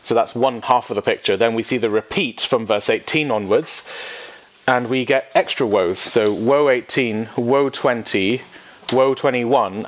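A man's voice: lowish voice, fairly bright tone, a little hiss or hum. A man teaching a Bible study lesson, emphatic and repeating key words for effect, with wry asides.

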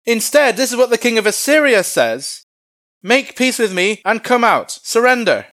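A man voicing a brash, boastful male military commander who shouts mocking taunts loudly. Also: extremely high pitch, animated, quick pace, dry recording, voice pushed up. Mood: shouting. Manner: loud, mocking, bragging.

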